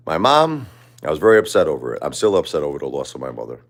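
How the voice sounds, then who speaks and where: A middle-aged man hosting a livestream, talking unscripted in a quiet, halting way and often repeating himself. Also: rumbling low, wildly swooping pitch. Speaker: livestream host. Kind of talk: unscripted personal monologue.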